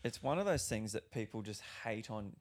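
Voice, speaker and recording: A young man hosts a podcast, chatting casually and animatedly, swearing and laughing often. His voice is lowish and expressive, at a normal speed.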